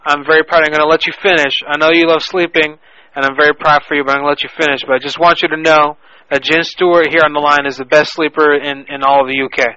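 A man's voice: fairly high pitch, level tone, fast, bright, forceful tone, no room sound, highs cut off. A man hosting a prank call show, joking crudely and swearing as he takes calls. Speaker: host taking calls.

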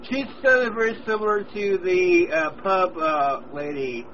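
A man's voice: high-pitched, a little slow, sharp tone, muffled recording, a little hiss or hum. A man co-hosting a radio show, tossing in offhand suggestions from away from the mic. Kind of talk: casual radio banter.

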